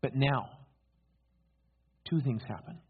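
A man's voice: mid-range voice, takes it slowly, breathy edge. A male preacher giving a sermon, telling the story dramatically and posing rhetorical questions to his listeners. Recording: tinny phone-like sound.

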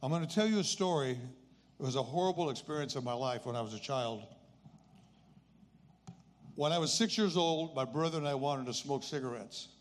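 A man's voice: mid-range voice, brisk, pauses often. A man in his eighties telling a personal story as a faith testimony in an earnest, conversational way. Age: 80s. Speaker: speaker sharing a personal testimony.

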